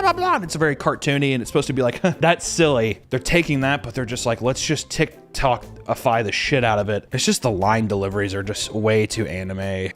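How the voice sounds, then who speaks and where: A man ranting casually as a commentator, profane and exasperated, mocking what he talks about. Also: medium pitch. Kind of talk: casual rant.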